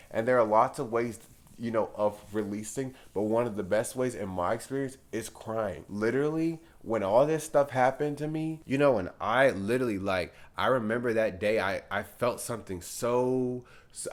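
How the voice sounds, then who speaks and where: A young man vlogging while getting ready, talking earnestly and encouragingly, often saying "literally" and "like". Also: on the low side. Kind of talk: casual advice talk while getting ready.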